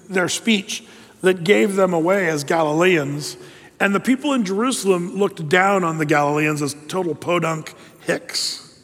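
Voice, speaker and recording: A man in his fifties, a pastor preaching a sermon in a lively, conversational way and reading scripture aloud. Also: high-pitched, in a large hall.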